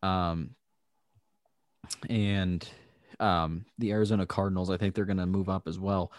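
A man with a deep, low voice on a sports talk panel. He starts his points with ums and false starts, then commits with enthusiasm. The sound is dry. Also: level tone, measured pace, dry recording. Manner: hesitant, many ums, eager. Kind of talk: casual sports chat.

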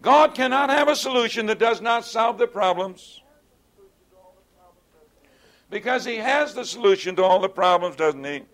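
A man's voice: high-pitched, expressive, moderate pace, pauses often, a bit bright. A man teaching a Bible study in an earnest lecturing way, often asking rhetorical tag questions of his listeners.

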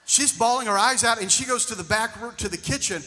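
Bright-voiced preacher in an echoing hall. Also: male voice, very high voice, a little fast. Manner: preaching, swinging between loud emphatic and hushed storytelling. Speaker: pastor. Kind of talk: sermon. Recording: long reverb of a large hall.

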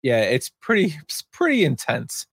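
A man's voice: medium pitch, huge pitch swings, normal speed, vocal fry, husky, dry recording, studio quality. A man co-hosting a podcast, chatting about films in a loose, rambling way and reading out film facts. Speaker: podcast co-host. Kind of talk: casual film chat.

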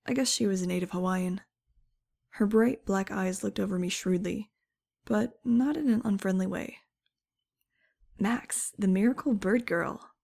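A woman's voice: mid-range voice, normal speed, vocal fry, mellow. A woman reading an audiobook in a wry, conversational first-person narration.

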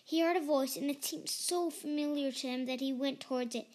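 Young woman, high voice, fairy tale read aloud, careful pace, small slips. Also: fairly quick, a little mellow. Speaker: storyteller.

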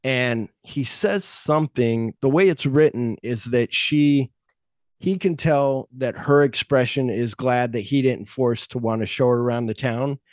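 A man hosting a podcast, retelling a film script in a rambling, animated way and acting out bits of dialogue. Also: mid-range voice, unhurried, no echo, clean studio sound. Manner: rambling, animated plot retelling with acted-out quotes. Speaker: podcast host. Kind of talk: casual podcast chat.

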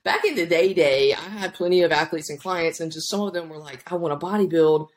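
A woman's voice: fairly low pitch, fairly quick. A woman in her thirties, a powerlifting coach, telling her story casually in an interview with lots of restarts and asides. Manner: rambling, animated, many restarts. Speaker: podcast guest, powerlifting coach.

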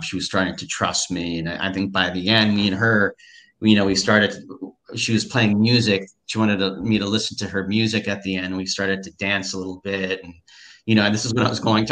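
A man's voice: fairly low pitch, a bit bright. A man speaking as an interview guest, reflective and rambling with many fillers. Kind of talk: casual interview chat.

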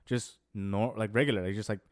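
A man's voice: lowish voice, fairly even intonation, a little fast, a little mellow, no room sound, studio quality. A man talking casually and rambling, with many "like"s and "yo"s. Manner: rambling, heavy use of "like" and "yo". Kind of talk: casual chat.

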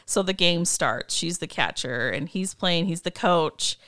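A woman's voice: fairly low pitch, expressive, measured pace, a bit bright, clear, resonant tone, no room sound, clean studio sound. A woman co-hosting a casual chat, gushing and giddy as she recaps a favorite movie scene. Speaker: podcast co-host.

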